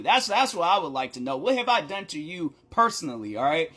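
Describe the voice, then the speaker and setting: Guy doing a story time vid, kinda high voice, really bright and punchy, rambles and laughs a lot. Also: moderate pace, hardly any pauses, slightly rough. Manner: animated, rambling storytelling with frequent laughs and acted-out quotes. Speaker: content creator. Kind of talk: casual story time vlog.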